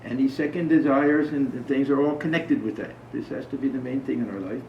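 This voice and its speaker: Gravelly-voiced monk telling a spiritual story. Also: male voice, mid-range voice, a little fast, slight background noise. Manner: conversational, asks the audience questions. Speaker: monk giving a spiritual talk. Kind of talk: informal spiritual talk with storytelling. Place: talk to a small gathering. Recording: roomy, distant, dull sound.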